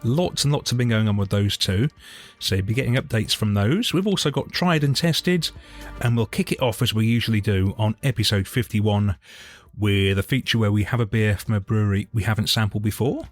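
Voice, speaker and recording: A man's voice: on the low side, fairly quick, soft background music. A man co-hosting a casual podcast, upbeat and enthusiastic as he runs through the show. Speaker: podcast co-host.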